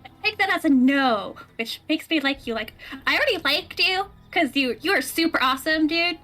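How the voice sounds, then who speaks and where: High, lively woman playing a tabletop game. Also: moderate pace. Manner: bubbly, laughing. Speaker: player. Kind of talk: casual tabletop role-play.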